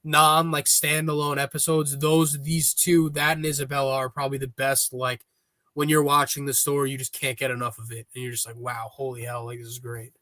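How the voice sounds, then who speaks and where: A man with a slightly raised voice talks casually as a podcast guest. He rambles, loops back over his words and builds up excitement. The sound is dry and close, with no room in it. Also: a little high, a little fast, dry recording. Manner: rambling, restarts often, excitable. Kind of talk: casual chat.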